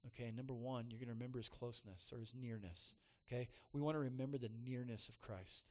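Pastor, forties, male, mid-range voice, candid storytelling sermon with loud highs and quiet, tender lows. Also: fast. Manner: storytelling, self-mocking, animated with loud peaks and soft emotional drops.

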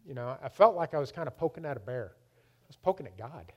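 A man preaching a personal testimony, emphatic, swinging between loud and hushed, often repeating his words. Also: mid-range voice, very animated, quick pace, breathy edge.

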